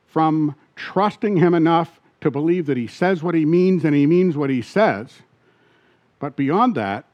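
A man's voice: fairly high pitch, highs cut off. A man preaching a sermon as pastor, often asking his listeners questions and repeating key points.

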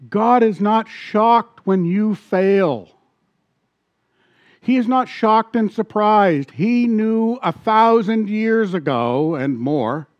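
A man preaching a sermon as pastor, animated and asking the congregation questions. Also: high voice, no room sound, highs cut off.

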